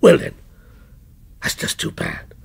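A man voicing a menacing male visitor, a criminal former policeman, in a taunting, slow and deliberate way, in a dramatic story reading. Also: close to an everyday voice.

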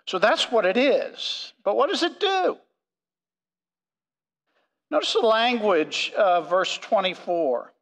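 A male pastor preaching a sermon, earnest and emphatic, slowing down to stress key phrases. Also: high voice, very animated, a bit bright, big-room sound, low-quality recording. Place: church sanctuary.

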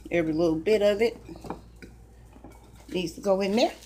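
A woman's voice: medium pitch, moderate pace, warm tone, slight background noise. A woman chatting casually to viewers while she cooks breakfast in her home kitchen, folksy and talkative. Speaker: cooking vlogger. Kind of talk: casual cooking chat.

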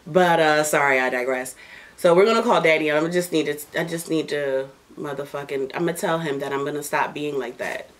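This podcast host is a woman with a low-pitched voice and a brisk delivery who smokes while she talks. Her casual show is blunt, profane and full of jokes, and she laughs and coughs between lines.

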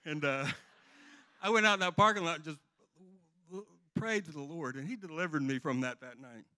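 A man's voice: a little high, normal speed, sharp tone. A middle-aged man giving a rambling, earnest personal testimony to a church congregation. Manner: earnest, rambling storytelling with restarts.

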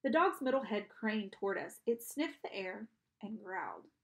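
A woman's voice: mid-range voice, lively intonation, normal speed, fairly bright tone. A woman reading a storybook aloud, narrating and voicing the characters, with small restarts and self-corrections. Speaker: audiobook reader.

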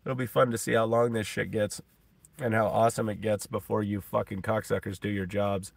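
A man's voice: lowish voice, level tone, a little fast, gravelly, no room sound. A man talking in a rambling, profane vlog monologue from a parked car, full of ums and laughs. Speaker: vlogger.

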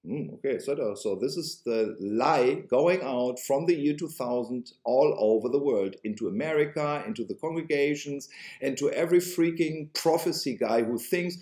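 A man's voice: medium pitch, normal speed, darkish tone, roomy sound. A man with a German accent preaching emphatically to camera, sarcastic and repeating phrases for effect. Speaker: online religious video host.

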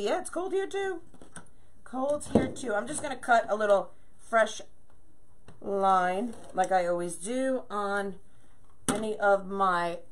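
A woman runs a chatty live crafting stream, greeting viewers by name and counting aloud as she works. Her mid-range voice has a bit of brightness to it.

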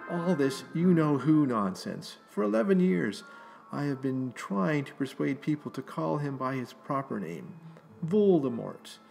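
A man reading aloud and voicing a calm, gently amused elderly wizard headmaster, with loud music behind him. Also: mid-range voice, unhurried, vocal fry.

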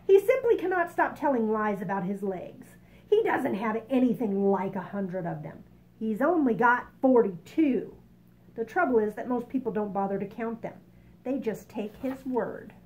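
A woman's voice: a little high, lively intonation, moderate pace, a little mellow, close to an everyday voice. A woman voicing a complaining, indignant male earthworm in a storybook read-aloud. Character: grumbling blind male earthworm.

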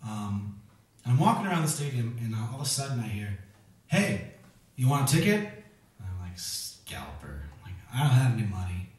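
A singer-songwriter telling a rambling, self-mocking story between songs at a house concert. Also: male voice, lowish voice, expressive, a little fast, darkish tone. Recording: echoey room, distant mic.

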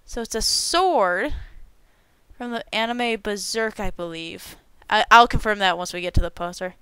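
A young woman hosting a casual unboxing video, bubbly and excitable, tripping over her words as she gushes. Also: medium pitch, normal speed, clean tone, no echo. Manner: bubbly and excitable, gushing with stumbling repeats. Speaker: unboxing channel host.

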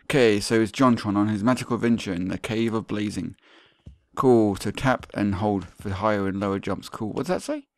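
A man's voice: fairly low pitch, brisk, no echo, clean studio sound. A man giving sweary, sarcastic let's-play commentary as he plays a video game. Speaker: gaming YouTuber.

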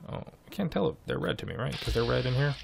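A man's voice: mid-range voice, big pitch swings, fast talker, creaky, noisy background. A young man giving chatty, casual gameplay commentary and swearing freely. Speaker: let's play host.

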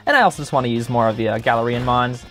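A man's voice: mid-range voice, animated, rapid-fire, fairly bright tone, faint music behind. A young man hosting a gaming channel, giving chatty, joking gameplay commentary full of filler words.

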